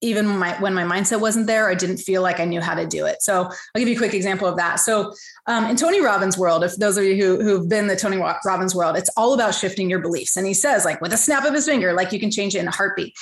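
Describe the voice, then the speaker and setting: A woman, a financial advisor, telling her story as a podcast guest, lively and acting out the voices of the people she quotes. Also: fast, roomy sound, poor audio. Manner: animated, acts out quotes in high voices. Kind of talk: casual storytelling interview.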